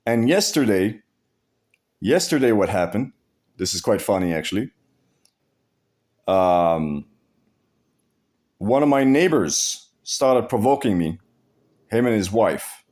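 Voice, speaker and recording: A man's voice: fairly low pitch, sing-song, takes it slowly, pauses often, darkish tone. A man vlogging to camera, telling a story bluntly with lots of swearing, restarting and repeating his phrases. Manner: blunt, profane, repetitive storytelling. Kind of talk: casual vlog monologue.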